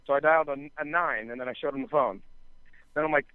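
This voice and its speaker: A man's voice: a little high, fast talker, clean tone, dry recording. A man on a podcast telling a long story in casual chat, full of fillers and swearing, acting out what others said. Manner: rambling, filler-heavy, profane, acts out quoted dialogue. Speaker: podcast co-host. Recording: dry, tinny phone-like sound.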